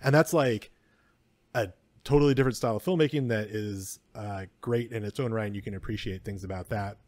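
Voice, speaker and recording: A man's voice: fairly low pitch, fairly quick, a little mellow, no room sound. Opinionated man swearing in a podcast chat. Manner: opinionated, swears freely, occasional stumbling. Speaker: podcast co-host. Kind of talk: casual film review chat.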